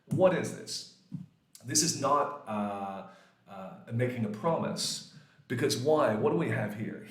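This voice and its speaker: A man in his forties teaching English grammar in a casual, lively way, swearing freely and acting out little quoted exchanges. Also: medium pitch. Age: 40s. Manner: lively, swears often, acts out quoted voices. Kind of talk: casual classroom explanation. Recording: echoey room.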